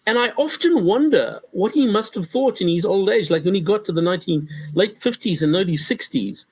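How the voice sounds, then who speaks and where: A male professor answering interview questions in a lively conversational way, often restarting sentences and acting out quotes. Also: high-pitched, fairly quick, slight background noise, poor audio. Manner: animated, repetitive restarts, acts out quotes.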